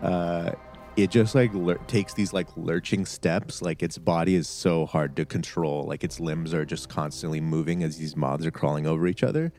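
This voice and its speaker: A man's voice: deep voice, fairly even intonation, normal speed, a little mellow, faint music behind. A man running a tabletop game as game master, rambling with many fillers and laughing often.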